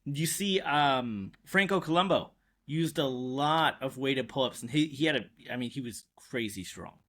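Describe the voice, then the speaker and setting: A man's voice: medium pitch, expressive, moderate pace, sharp tone. Eager male podcast host. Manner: eager, fan-like questioning. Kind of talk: podcast interview.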